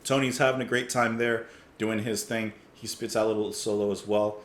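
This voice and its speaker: A man's voice: lowish voice, fairly even intonation, a little fast, reverberant, a little hiss or hum. A man hosting a casual music reaction, talking enthusiastically, often chuckling and thinking aloud with fillers.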